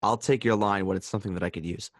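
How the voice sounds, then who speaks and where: A man co-hosting a casual fantasy football chat, giving numbers and making dry, deadpan jokes. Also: lowish voice, fast talker, no echo. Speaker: podcast co-host.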